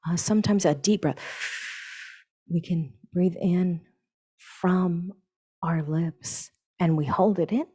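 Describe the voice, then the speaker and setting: A woman giving a spiritual astrology forecast, talking in a dramatic, sensual way with slow stretched words, whispered asides and chatty "right?" and "honey" tags. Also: fairly low pitch, dark tone, slightly rough.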